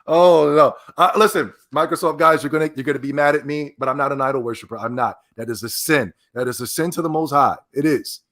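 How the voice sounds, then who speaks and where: A podcast host, a man with a slightly high voice, rants in a loud, animated way. He repeats phrases when he gets worked up and keeps laughing between his points. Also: a little fast, few pauses. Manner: emphatic, animated, breaks into laughs. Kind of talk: ranting commentary.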